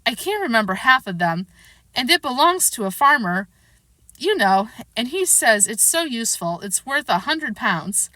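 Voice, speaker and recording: A woman's voice: fairly high pitch, sing-song, moderate pace, sharp tone, no echo. A woman voicing Alice, a polite, curious little girl, in a put-on English accent with a prim, earnest manner. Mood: coaxing.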